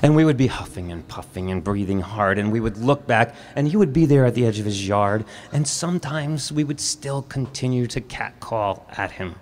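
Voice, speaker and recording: A man recounts a childhood memory on stage at a live storytelling event. He talks at a mid pitch, measured and reflective, with dramatic pauses. A faint hiss sits under his voice. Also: animated, a little mellow.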